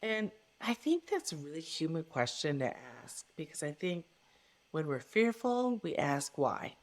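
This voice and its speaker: A middle-aged woman who works as a coach appears as a guest in a reflective interview conversation. Her low-pitched voice is very animated and a little slow, earnest and emphatic, and she repeats phrases to stress her points.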